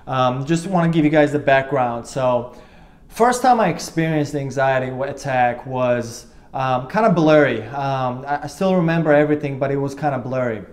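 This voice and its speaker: Speaking at a moderate pace in a medium-pitched voice, this man in his twenties earnestly recounts something that happened to him. He's a vlogger talking to camera, and his telling wanders, full of fillers and false starts.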